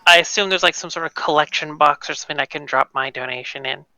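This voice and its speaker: A man's voice: fairly high pitch, fast talker, sharp tone, clear, resonant tone, no echo, low-quality recording. A man playing a tabletop game, speaking politely and formally in character. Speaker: player. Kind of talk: tabletop role-play.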